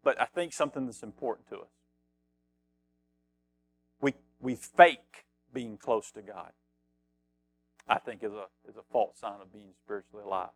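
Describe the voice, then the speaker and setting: A man's voice: fairly low pitch, normal speed, long pauses, slightly rough, no echo. A middle-aged man preaching a conversational sermon as pastor, reading scripture aloud and repeating phrases for emphasis.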